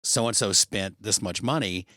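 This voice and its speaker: Middle-aged male co-host, low voice, rambling and self-mocking, close dry mic. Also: measured pace, pushed and bright, dry recording. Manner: rambling, self-deprecating, laughs often. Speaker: podcast co-host. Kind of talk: casual storytelling chat.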